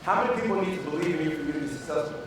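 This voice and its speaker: A man's voice: a little high, racing. A man, a physician, giving a motivational speech to students, with repeated emphatic phrases and questions thrown out to the audience. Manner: call-and-response with the audience, repetitive and emphatic. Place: large hall with a PA system. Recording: echoey hall, distant from the mic, noisy.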